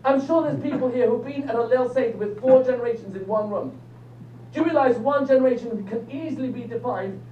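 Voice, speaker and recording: An older man, a rabbi giving a lively lecture that quizzes the audience and jokes with them. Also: very high voice. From England. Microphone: phone recording from the audience. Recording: distant, echoey, dull phone recording with faint hum.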